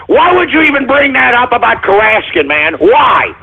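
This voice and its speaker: A man's voice: very high-pitched, big pitch swings, normal speed, gravelly, hardly any pauses, breathy edge. A radio show host, ranting and swearing at his listeners in exasperation. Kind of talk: call-in radio rant. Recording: phone-like lo-fi audio with faint music.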